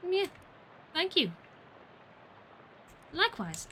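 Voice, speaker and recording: A woman's voice: extremely high pitch, sing-song, slow pace, pauses often, pushed and bright, a little hiss or hum, low-quality recording. A woman chatting playfully through a video game on a livestream, muttering to herself and playing with words. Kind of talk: gaming livestream commentary.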